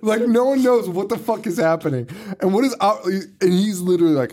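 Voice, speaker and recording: Man, podcast co-host, lively swinging pitch, swears a lot, laughs, acts out scenes. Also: fairly quick, hardly any pauses. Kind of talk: casual chat recapping a movie.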